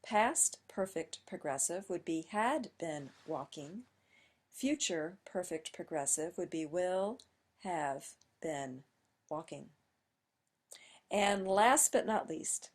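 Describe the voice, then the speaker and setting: A woman's voice: lowish voice, a little mellow. A woman teacher patiently explaining grammar step by step in a lesson, with emphatic stresses.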